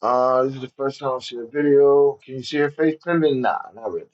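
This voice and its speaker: A man's voice: medium pitch, a little fast. A man co-hosting a livestream, chatting casually and talking to the viewers. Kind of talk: casual chat. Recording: dull lo-fi sound.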